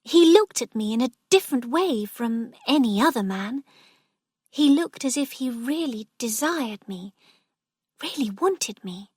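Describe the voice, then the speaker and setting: A woman doing a breathless dreamy girl, high eager voice, very slow reading, dry close sound. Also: animated, a little mellow, husky, no room sound. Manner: eager, girlish, higher voice. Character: excited young woman, dreamy and frank.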